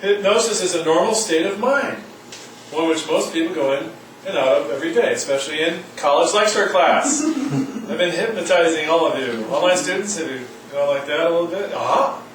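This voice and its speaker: A man's voice: fairly high pitch, lively intonation, brisk, a little hiss or hum. A man giving a college lecture, reading aloud and adding wry comments. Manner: reads aloud and comments wryly. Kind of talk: classroom lecture. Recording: echoey room from far off.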